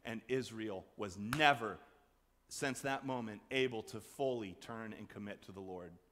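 A man preaching a sermon as pastor, conversational and animated, acting out voices in the story. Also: unhurried, slight background noise. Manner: conversational, acts out quoted voices with big swings in pitch and loudness. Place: church sanctuary. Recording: long church reverb.

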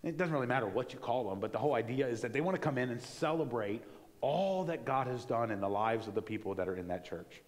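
A man preaching a sermon in a church in a conversational, animated way, acting out little asides as he goes. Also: mid-range voice, fast, in a large hall. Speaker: pastor. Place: church sanctuary.

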